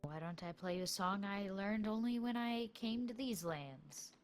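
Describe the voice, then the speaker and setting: A woman's voice: medium pitch, normal speed, faint music behind. A woman playing a tabletop game in character, polite and tentative. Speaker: player. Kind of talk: in-character tabletop role-play.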